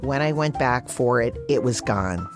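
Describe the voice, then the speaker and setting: A woman actor telling a personal anecdote in a lively storytelling manner, her voice leaping upward for emphasis and laughing through some lines. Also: rumbling low, measured pace, over music.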